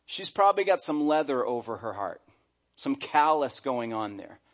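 A middle-aged pastor preaches a sermon with animation, acting out the voices he quotes. His pitch is medium and his speed normal.

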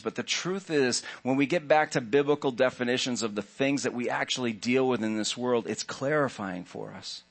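A man's voice: medium pitch, a bit bright. A man preaching to a church congregation in a conversational way, with joking asides to the listeners. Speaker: pastor. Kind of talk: sermon. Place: church sanctuary.

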